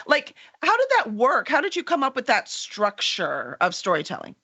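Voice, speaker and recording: A podcast host asking a guest questions in a casual, chatty interview, with quick interjections. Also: mid-range voice, huge pitch swings, sharp tone, husky. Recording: slightly dull lo-fi audio.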